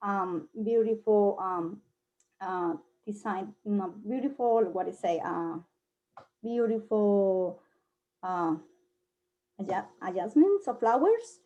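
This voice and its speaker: A woman from Colombia with a Colombian Spanish accent, giving a casual presentation, often pausing with fillers while she searches for words. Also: medium pitch, animated, dark tone, highs cut off. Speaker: guest presenter.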